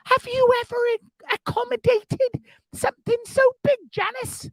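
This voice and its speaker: A man voicing a gossipy older English lady who is prim yet bawdy, with an English accent and shrill, prim exclamations. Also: level tone, measured pace, vocal fry, fairly bright tone, no echo, exaggerated voice. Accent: English, put on.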